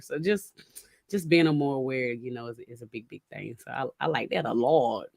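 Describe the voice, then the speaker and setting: A woman's voice: sits low, quick pace, gravelly, no room sound, studio quality. A woman, co-hosting a podcast in casual chat, telling stories and acting out quotes with laughter. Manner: animated storyteller, acts out quotes with laughter. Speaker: podcast co-host.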